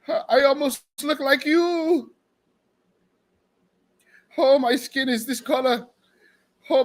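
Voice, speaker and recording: Man doing a mocking, whiny, fawning pleader, high-pitched. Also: fairly bright tone, exaggerated voice, low-quality recording. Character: fawning person begging for acceptance.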